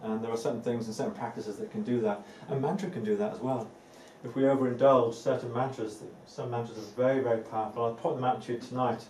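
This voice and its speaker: Speaking fast with few pauses, a spiritual teacher leads a live evening talk for a group indoors. He is earnest, repeats words for emphasis, and laughs lightly at times, in a steady, mid-range, slightly mellow voice. He sits far from the mic in an echoey room with faint ambient noise.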